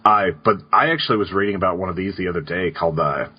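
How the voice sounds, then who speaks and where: Reading out listener questions, a podcast co-host rambles in a relaxed, casual chat. He speaks fast in a low-pitched, husky voice, captured in dull lo-fi podcast audio.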